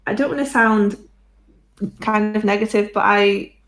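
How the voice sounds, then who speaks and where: A woman with a Yorkshire accent co-hosting a live-streamed podcast, chatting frankly and quickly, laughing often. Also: medium pitch, fairly bright tone. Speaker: podcast co-host. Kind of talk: casual live-stream chat.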